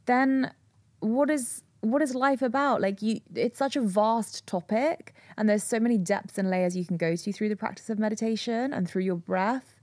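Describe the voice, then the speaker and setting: A woman with a British accent, a yoga teacher, speaking earnestly and reflectively in a casual conversation, slowing to stress her points. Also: fairly high pitch, a little mellow, dry recording.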